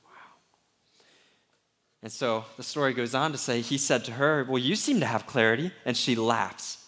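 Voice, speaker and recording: A middle-aged man preaching a sermon as pastor, candid and conversational, sometimes dropping to a hushed voice. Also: mid-range voice, normal speed.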